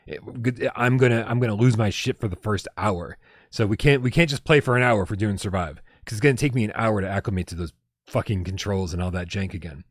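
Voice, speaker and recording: A man co-hosting a casual livestream chat, talking with excitable energy and swearing freely. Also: on the low side, fast, no echo, studio quality. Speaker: podcast co-host.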